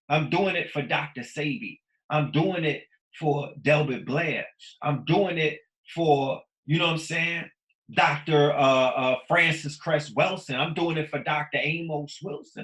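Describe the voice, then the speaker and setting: A man in his thirties hosting a podcast, talking in a casual, preachy monologue that swings from loud emphatic bursts to low mutters. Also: unhurried, echoey room, poor audio. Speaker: podcast host.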